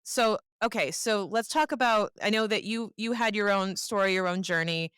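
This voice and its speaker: A woman's voice: mid-range voice, normal speed, a bit bright, clear, resonant tone, no room sound, studio quality. A woman with a North Shore Boston accent hosting a podcast, chatty and laughing as she asks long rambling questions. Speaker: podcast host. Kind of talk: podcast conversation.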